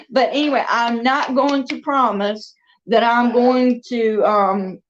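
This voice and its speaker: Slow, chatty woman at home. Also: on the high side. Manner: chatty, talks to her pets and viewers. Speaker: crafter and video host. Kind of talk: casual chat to viewers. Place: dining room at home. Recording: dull lo-fi sound.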